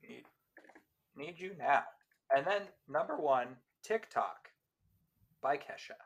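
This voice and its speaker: A man's voice: fairly high pitch, sing-song, slow pace, husky, lo-fi sound. Chatty man in his late twenties. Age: late 20s. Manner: laughs often, rambling with restarts. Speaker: podcast co-host. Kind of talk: casual chat.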